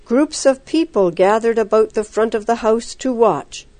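Female storybook narrator, higher voice, dry close sound. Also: moderate pace, a little mellow, dry recording.

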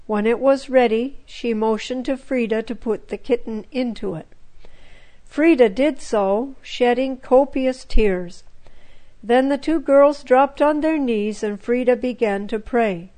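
A woman narrating a children's story in a gentle, measured way. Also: fairly high pitch, low-quality recording.

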